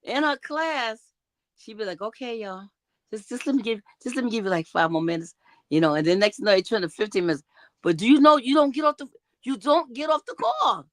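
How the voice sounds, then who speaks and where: A woman's voice: a little high, lively intonation, fairly quick, dry recording. An older woman who is a grandmother, speaking as a guest and telling stories in an emphatic, folksy way while acting out what people said. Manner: emphatic, folksy storytelling, acts out quotes. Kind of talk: casual chat.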